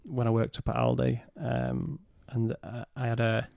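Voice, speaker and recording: A man, a podcast guest, telling a personal story in a halting way and retelling what was said in his own words. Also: medium pitch, little pitch movement, creaky, a little mellow, dry recording, studio quality.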